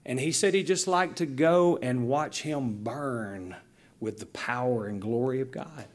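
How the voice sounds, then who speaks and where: A male pastor preaching to his congregation. His voice is a little husky, and he tells stories with lively, emphatic changes in loudness and pace. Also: mid-range voice, measured pace. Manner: animated storytelling with emphatic dynamic shifts. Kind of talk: sermon.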